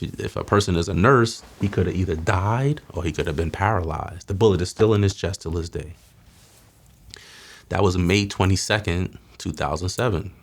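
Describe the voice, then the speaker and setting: A man, telling his life story in a streetwise, slangy way, often dropping quiet at heavy moments. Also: low-pitched. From Mount Vernon, New York. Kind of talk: candid testimony.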